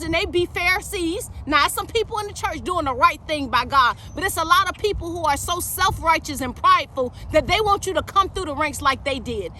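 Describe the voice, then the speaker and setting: Woman preacher, very high and bright, emphatic, faint vehicle hum behind. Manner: emphatic, preacherly, calls listeners baby. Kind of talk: fiery preaching monologue.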